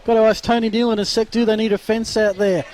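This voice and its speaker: A man calling play-by-play at a local football match, excitable and quick to ramp up. His voice is notably high for a man. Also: slight background noise. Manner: excitable play-by-play, builds to shouting. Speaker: lead football commentator. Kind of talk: live sports commentary.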